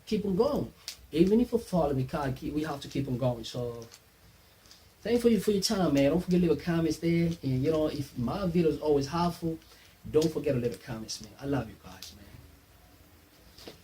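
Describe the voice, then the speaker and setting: A man, a tutor, thanking his viewers in a casual, warm way and calling them "man" again and again. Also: a little high, expressive, moderate pace, slight background noise, poor audio. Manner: warm, repeats "man" constantly. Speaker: online maths tutor.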